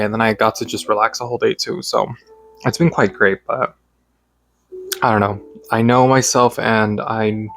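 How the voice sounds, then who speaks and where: A young man rambling reflectively in an unscripted late-night vlog from home, talking casually and swearing now and then. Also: lowish voice. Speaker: vlogger.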